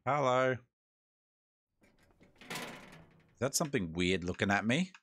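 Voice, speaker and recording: A man's voice: mid-range voice, lively intonation, slow, fairly bright tone, slight background noise. An Australian man giving laid-back, joking commentary while playing a horror game, talking to himself as he goes. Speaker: gaming host. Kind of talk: let's-play commentary.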